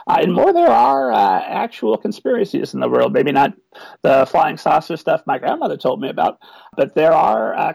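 Creaky-voiced man, eager podcast guest. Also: fairly high pitch, darkish tone, no room sound, rough recording. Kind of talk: enthusiastic interview answers.

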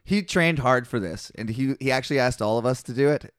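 A man hosting a podcast in casual chat, swearing often and working himself up into animated rants. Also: medium pitch, a little fast, smooth, dry recording, clean studio sound. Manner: profane, ranting, animated storytelling. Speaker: podcast host.

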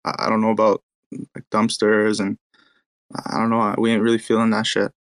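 A man's voice: fairly low pitch, monotone, moderate pace, no echo. A man co-hosting an online audio chat in a laid-back, teasing, slangy way. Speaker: co-host of an online audio space. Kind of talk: casual chat.

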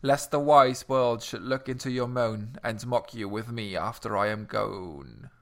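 A man co-hosting a podcast, reading a poem aloud in a measured, steady way after stumbling at first. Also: mid-range voice, vocal fry. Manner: self-doubting, stumbles on words, then reads steadily. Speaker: podcast co-host. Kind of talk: casual chat and poetry reading.

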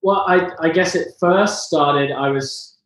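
A man's voice: a little high, takes it slowly, fairly bright tone. A man from England, a musical theatre singer chatting as an interview guest in a rambling, self-correcting way. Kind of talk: casual interview chat. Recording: very echoey, distant from the mic.

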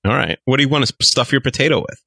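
A man co-hosting a podcast, bantering casually with quick, joking remarks and questions. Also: mid-range voice, gravelly, sharp tone, dry recording. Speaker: podcast co-host.

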